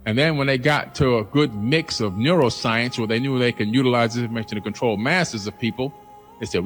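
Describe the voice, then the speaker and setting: A man's voice: brisk, faint music behind. A man delivering an emphatic, challenging monologue, acting out quoted voices now and then. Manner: emphatic, acts out quoted voices in a higher pitch. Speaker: host. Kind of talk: passionate monologue.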